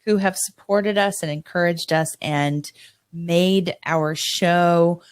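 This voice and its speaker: Podcast co-host, female, lowish voice, upbeat and chatty. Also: steady tone, clean tone. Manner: upbeat, quick interjections, reads chat aloud. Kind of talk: casual chat.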